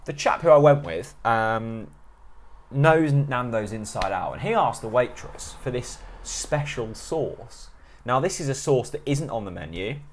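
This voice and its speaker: A man's voice: medium pitch, animated, unhurried, slight background noise. A man co-hosting a casual football podcast, easygoing, with short agreeing replies. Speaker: podcast co-host.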